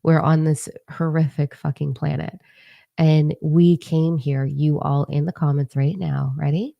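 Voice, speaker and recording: A woman's voice: low-pitched, steady tone, measured pace, creaky, dry recording, lo-fi sound. A woman spiritual coach giving a blunt, profane, emphatic motivational monologue to camera.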